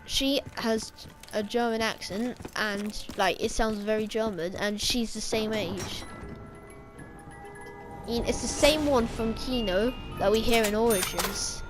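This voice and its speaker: A woman's voice: on the high side, a little slow, music in the background. A woman talking casually about game lore, rambling and correcting herself as she speculates. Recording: game gunfire playing behind.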